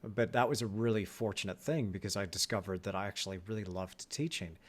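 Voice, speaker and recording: A man's voice: lowish voice, fairly even intonation, brisk. A young man hosting an interview, speaking earnestly and reflectively with frequent stammered restarts. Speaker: host, artist. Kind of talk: casual interview conversation.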